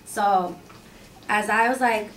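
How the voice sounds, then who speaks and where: A young woman telling a personal story in a casual, filler-heavy, animated way. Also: medium pitch, slow pace, a little hiss or hum. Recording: roomy sound from a distant mic.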